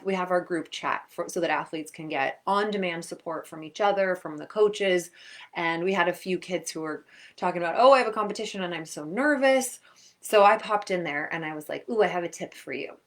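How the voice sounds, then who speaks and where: A young adult woman, a sports performance coach, giving upbeat, chatty advice to young athletes and acting out quick quotes. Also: on the low side. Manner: energetic, chatty, acts out quotes. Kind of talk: upbeat coaching talk to camera.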